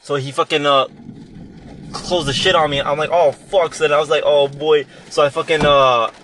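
A man's voice: fairly high pitch, steady tone, a little fast, background noise. A young man hosting a podcast from inside a car in the rain, telling a long, rambling, profane story in a casual chat. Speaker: podcast host.

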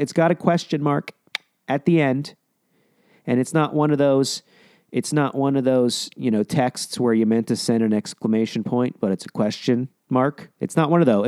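A man's voice: mid-range voice, fairly even intonation, normal speed, darkish tone, smooth, no echo, studio quality. A man giving casual reaction commentary, sarcastic and profane, mocking what he plays.

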